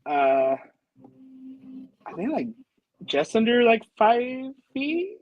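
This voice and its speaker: A man's voice: very high voice, big pitch swings, takes it slowly, muffled recording, a little hiss or hum. A man from a band answering interview questions casually, easygoing and hedging with lots of "like". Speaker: band member guest.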